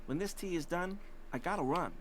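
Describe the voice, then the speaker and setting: A man's voice: on the high side, a little fast, slight background noise, close to an everyday voice, low-quality recording. A man voicing a blunt, weary male dock worker in a video game.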